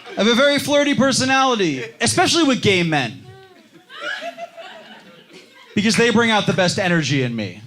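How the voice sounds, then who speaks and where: Animated young male stand-up comic. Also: sits high, moderate pace, pauses often, a crowd in the background. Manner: animated, self-mocking storytelling. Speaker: stand-up comedian. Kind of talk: stand-up comedy set. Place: comedy club stage with laughing audience. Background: audience laughter.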